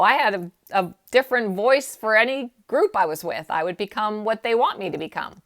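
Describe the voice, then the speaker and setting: A woman's voice: fairly high pitch, big pitch swings, normal speed, few pauses, fairly bright tone. A woman coach talking through emotional health in an earnest, emphatic way, her voice jumping up on key points. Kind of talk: casual teaching talk.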